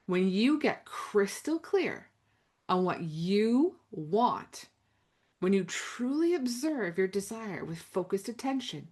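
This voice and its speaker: A woman coaching listeners through spoken affirmations, slow and intimate, with dramatic pauses and drops to a near whisper. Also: mid-range voice, big pitch swings, darkish tone. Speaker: self-help coach. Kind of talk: guided affirmation talk.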